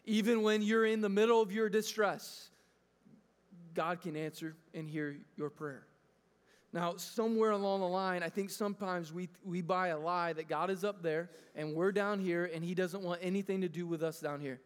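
High-voiced preacher in a reverberant hall. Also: male voice, moderate pace, smooth. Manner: earnest, conversational preaching with frequent restarts. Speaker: pastor. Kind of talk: sermon. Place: church sanctuary. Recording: long reverb of a large hall.

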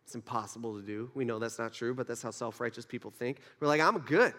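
A man's voice: mid-range voice, fairly even intonation, fast talker, fairly bright tone, big-room sound. A male pastor giving a conversational sermon, acting out the characters' lines as he goes.

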